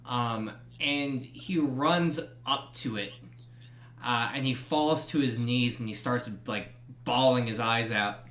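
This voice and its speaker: A man running a horror tabletop game as game master, narrating in a relaxed, hesitant way full of ums and uhs. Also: medium pitch, slow pace, echoey room.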